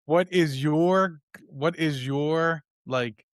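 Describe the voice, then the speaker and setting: A middle-aged man co-hosting a casual podcast, telling a story with lively acted-out voices. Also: fairly high pitch, takes it slowly, dry recording, clean studio sound. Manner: animated storyteller, acts out his kids' voices. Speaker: podcast co-host.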